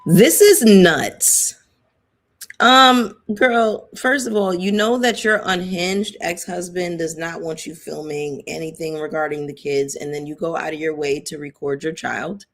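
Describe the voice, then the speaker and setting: A woman's voice: sits low, fairly even intonation, normal speed, few pauses, fairly bright tone. A woman giving casual live-stream commentary on a reality show, chatty and emphatic, addressing viewers directly.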